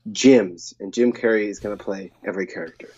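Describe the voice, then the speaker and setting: A man's voice: lowish voice, brisk, darkish tone, breathy edge. A man chatting casually as a podcast co-host, telling anecdotes loosely with many fillers. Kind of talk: casual chat. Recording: dull lo-fi mic.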